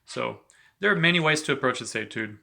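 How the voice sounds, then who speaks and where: A man giving a relaxed, chatty saxophone lesson, talking between played examples and filling his talk with "you know". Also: mid-range voice, fairly quick, vocal fry, slight background noise. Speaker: saxophone teacher. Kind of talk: casual instructional talk between playing examples.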